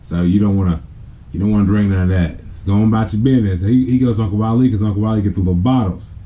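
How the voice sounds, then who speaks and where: A man's voice: lowish voice, quick pace, mellow. A man telling a family story in a casual, rambling way. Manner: rambling, with many fillers and restarts. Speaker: family vlogger.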